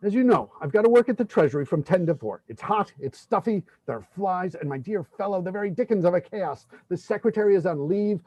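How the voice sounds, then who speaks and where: A man's voice: high-pitched, lively intonation, a little fast, few pauses, warm tone, no echo, rough recording. A man playing a frantic, worn-out family clerk. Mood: complaining. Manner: exasperated ranting, breathless complaints. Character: frazzled overworked male clerk, family man, desperate. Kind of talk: play reading.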